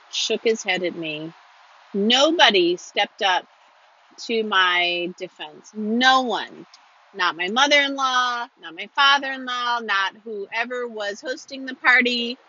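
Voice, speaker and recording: A woman with a slightly high, bright and forceful voice shares a personal story. She talks earnestly and repeats phrases for emphasis. The recording is muffled and lo-fi. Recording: dull lo-fi recording.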